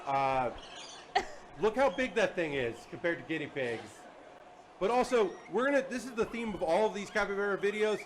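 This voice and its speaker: A man's voice: high voice, animated, normal speed, slight background noise. A man hosting a live convention panel in a casual, playful, self-deprecating way. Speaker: panel host. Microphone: handheld or table mic.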